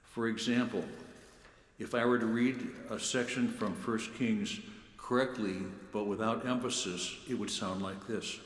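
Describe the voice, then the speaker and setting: A man who serves as a church lector, giving a measured, deliberate talk on how he prepares scripture readings. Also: fairly low pitch, steady tone. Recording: echoey room with long reverb.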